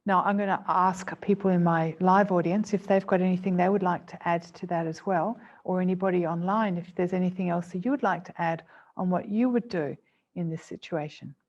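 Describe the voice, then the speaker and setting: Addressing listeners in the room and online, this clinical psychologist presents her seminar in a gentle, earnest way, repeating phrases for emphasis. She has a lowish voice with fairly level intonation and talks fairly quickly, captured in dull, lo-fi webinar sound.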